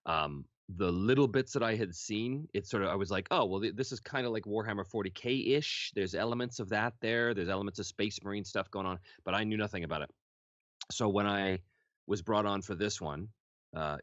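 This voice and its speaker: A man's voice: sits low, moderate pace, a bit bright, no room sound, highs cut off. A man, a voice actor, chatting in an interview and laughing between his anecdotes. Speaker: voice actor guest. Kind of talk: casual interview storytelling.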